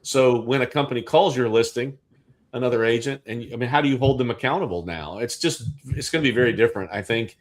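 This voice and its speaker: Man, rambling livestream co-host, middle pitch, casual. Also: fast. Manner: rambling, with restarts and asides. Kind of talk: casual chat.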